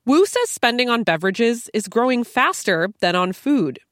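A woman radio reporter delivering a scripted news story in a crisp, expressive way. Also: fairly high pitch, moderate pace.

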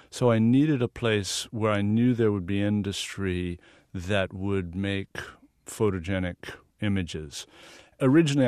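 A man's voice: fairly low pitch, darkish tone, dry recording, studio quality. A man from the American South, a guest photographer answering earnest, explanatory interview questions. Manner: earnest and explanatory, sometimes laughing. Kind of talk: radio interview.

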